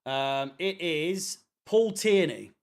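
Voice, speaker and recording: A man's voice: on the high side, animated, takes it slowly. A man hosting a fan watchalong stream, chatting casually, rambling with fillers and the odd swear word. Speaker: fan channel watchalong host. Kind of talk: casual live-stream chat reading comments.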